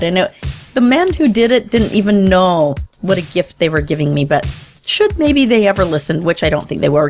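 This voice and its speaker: A woman co-hosting a podcast, telling a funny story in an animated, laughing way. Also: medium pitch. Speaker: podcast co-host. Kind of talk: casual chat, storytelling.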